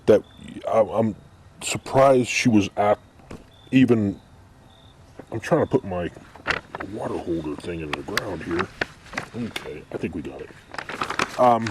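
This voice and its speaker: Low-voiced guy rambling bluntly outside, casual vlog rant. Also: mellow. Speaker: vlogger. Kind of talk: casual opinion monologue.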